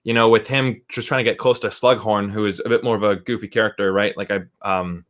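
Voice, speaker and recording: A man's voice: fairly low pitch, steady tone, fast, a bit bright. A man who is a guest film critic chatting casually, rambling along and often checking in with "right?". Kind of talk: casual chat.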